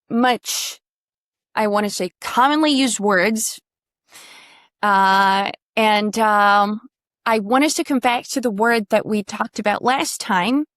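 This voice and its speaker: A woman's voice: fairly high pitch, takes it slowly, fairly bright tone, dry recording, studio quality. A woman coaching pronunciation in a casual online lesson, chatty and quizzing her student, swearing now and then.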